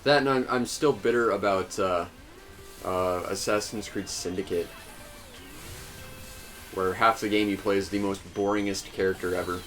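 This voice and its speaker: A man's voice: low-pitched, steady tone, normal speed, pauses often, a bit bright, soft background music. A young man hosting a casual gaming video, rambling and laughing often. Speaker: let's play host.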